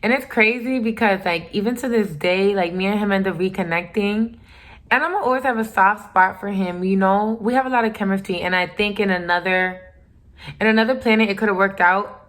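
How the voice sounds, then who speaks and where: A young woman vlogger recounts a personal story in a casual, emphatic way. She is blunt and profane, and her voice sits at a middle pitch. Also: brisk, a bit bright. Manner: candid, profane, emphatic retelling.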